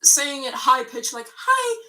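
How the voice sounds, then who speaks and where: A woman's voice: a little high, a little slow, bright, forceful tone. A young woman talking casually as a YouTuber, rambling with many fillers and restarts into a computer mic. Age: young adult. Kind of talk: casual chat.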